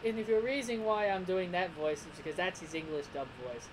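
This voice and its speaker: A man's voice: fairly high pitch, normal speed, a little hiss or hum, poor audio. A man giving a casual spoken review of an anime episode, rambling, restarting his sentences and laughing often. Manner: rambling, frequent restarts and repeats.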